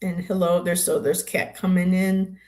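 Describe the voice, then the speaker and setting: A woman's voice: lowish voice, little pitch movement, normal speed, darkish tone. An older woman hosting a tarot livestream, chatting casually and greeting viewers by name.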